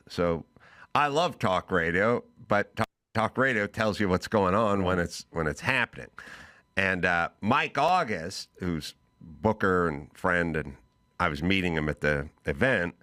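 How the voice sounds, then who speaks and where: A man hosting a podcast, telling a comic story and acting out both sides of a phone conversation, his voice rising to excited shouts. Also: low-pitched, unhurried. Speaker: podcast host.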